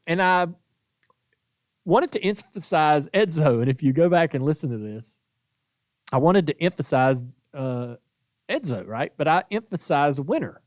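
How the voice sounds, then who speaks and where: A man's voice: on the high side, unhurried, no echo, studio quality. A man, hosting a podcast and telling a story in casual chat, acting out the lines he quotes. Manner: animated storytelling, acts out quoted voices. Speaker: podcast host.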